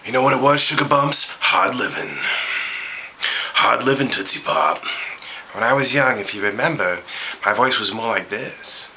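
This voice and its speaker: A man doing a brash, gravelly aging movie star. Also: mid-range voice, animated, normal speed, a little hiss or hum, low-quality recording. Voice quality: gravelly, with sudden shouted outbursts and whispers. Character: brash raspy aging male movie star, crude and flirty. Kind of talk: comedic celebrity impression.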